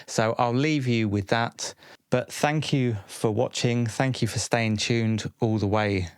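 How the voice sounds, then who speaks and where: A man explaining a DIY synth build in a relaxed, tentative way, thinking aloud with small hesitations. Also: medium pitch, takes it slowly, smooth, no room sound. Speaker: electronics video host. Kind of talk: casual hands-on explanation. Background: synth tones playing.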